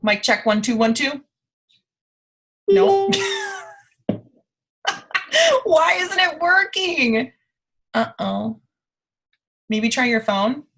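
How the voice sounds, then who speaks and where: A woman's voice: fairly high pitch, animated, drawn-out words, creaky, pauses often, a bit bright. Gushing young woman hyping a video call. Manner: gushing, repetitive, hyping up the audience. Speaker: team leader hosting a video call. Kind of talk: upbeat motivational pep talk. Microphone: computer mic on a video call.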